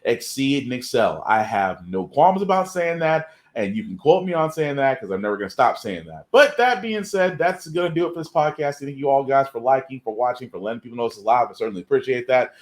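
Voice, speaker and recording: A man's voice: mid-range voice, expressive, fairly quick, few pauses. A man hosting a live podcast, talking in an earnest, emphatic way and repeating his points. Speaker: podcast host. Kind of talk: casual live podcast commentary.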